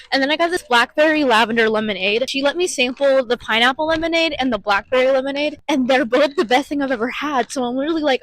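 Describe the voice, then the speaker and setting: A woman with a slightly high voice chats her way through a casual vlog. She swears freely and scatters filler words through her talk. The sound is dry and close. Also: a bit bright, dry recording, poor audio. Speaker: vlogger.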